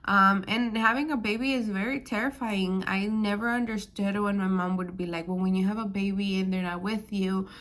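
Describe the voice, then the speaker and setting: A woman's voice: medium pitch, steady tone, moderate pace, hardly any pauses, a bit bright. Chatty young woman, rambling vlog talk. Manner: rambling, full of "like" and "um". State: a bit sick. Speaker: new mother vlogger. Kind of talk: casual personal vlog.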